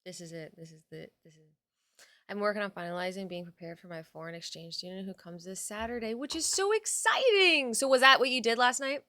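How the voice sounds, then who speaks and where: A woman's voice: mid-range voice, brisk, sharp tone, no echo, studio quality. A young adult woman chatting casually on a live stream, reading out her chat and swearing now and then.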